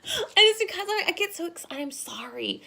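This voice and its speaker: Woman teacher, high lively voice, gets loud and fast when excited, laughs a lot. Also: creaky. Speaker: history teacher. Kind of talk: recorded classroom lecture.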